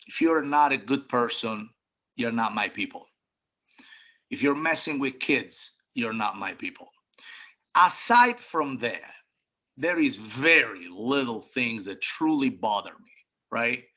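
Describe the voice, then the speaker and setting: Blunt, bright-voiced middle-aged man. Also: medium pitch, very animated, slow. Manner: blunt, emphatic, with frequent restarts and colloquial swearing. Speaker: restaurant group CEO, interview guest. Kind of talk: casual interview answers. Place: home office. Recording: dull lo-fi sound.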